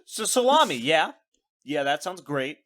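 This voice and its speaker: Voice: mid-range voice, a little slow, a little hiss or hum. Podcast cohost joking around, voice swoops all over, casual chat. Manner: animated, joking. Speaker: podcast co-host.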